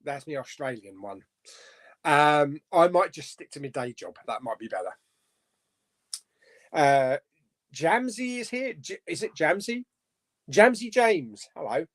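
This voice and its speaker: A man's voice: fairly high pitch, lively intonation, unhurried, pauses often, fairly bright tone. Chatty man hosting a live chat. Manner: chatty, reads viewer comments aloud. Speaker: live stream host.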